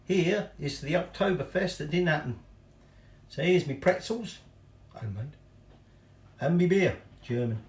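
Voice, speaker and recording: A man's voice: on the high side, animated, measured pace, pauses often. Chatty middle-aged man in echoey kitchen. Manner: chatty, rambling, self-deprecating asides. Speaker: home cooking show host. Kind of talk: casual cooking demonstration. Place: home kitchen.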